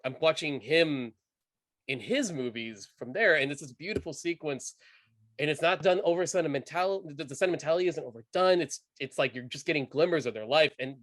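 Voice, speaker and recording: A man co-hosting a casual film podcast, animated and enthusiastic, full of fillers and restarts. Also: a little high, brisk, no room sound, studio quality. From United States. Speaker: podcast co-host.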